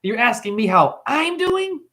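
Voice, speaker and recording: Male livestream host, high-pitched, profane, animated rant. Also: unhurried. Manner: profane, animated, mimics customers in high voices.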